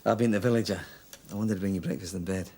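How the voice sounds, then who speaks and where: An actor playing a caring husband in a TV soap, talking in a soothing, coaxing way. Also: male voice, low-pitched, racing, dark tone, husky. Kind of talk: TV soap drama.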